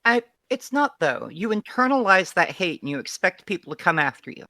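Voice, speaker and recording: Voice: mid-range voice, big pitch swings, brisk, bright, forceful tone, no room sound, clean studio sound. An interview guest speaking frankly and bluntly in long, unbroken runs of casual talk.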